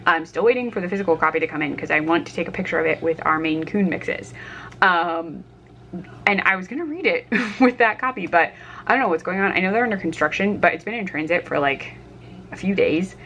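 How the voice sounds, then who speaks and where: Young woman, book vlogger, chatty and giggly, lowish voice, faint room hum. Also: lively intonation, brisk, a bit bright, highs cut off. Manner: chatty, filler-heavy, laughing often. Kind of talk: casual reading vlog chat. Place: home, cooking lunch.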